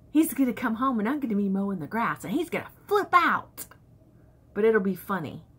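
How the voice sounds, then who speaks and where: A woman's voice: fairly high pitch, bright, forceful tone, breathy edge. A woman vlogger chatting candidly to camera, telling stories from home life. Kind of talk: casual chat to camera.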